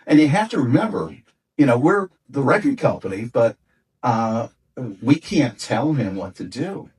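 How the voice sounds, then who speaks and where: A man's voice: mid-range voice, big pitch swings, moderate pace, darkish tone, breathy edge, recorded from a distance, poor audio. A man, a former record company executive, telling anecdotes in an interview, rambling with many fillers and restarts.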